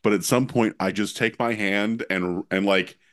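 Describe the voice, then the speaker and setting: A man's voice: on the low side, steady tone, normal speed, a bit bright, no room sound, clean studio sound. A man co-hosting a podcast, telling a prank story in casual chat and giggling through it as he searches for his words. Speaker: podcast co-host.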